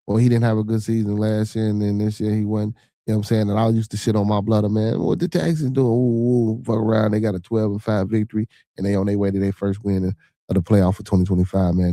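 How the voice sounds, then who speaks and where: A man hosting a casual livestream podcast, rambling and cursing, full of fillers and shout-outs to his viewers. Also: on the low side, dry recording, clean studio sound. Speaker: podcast host.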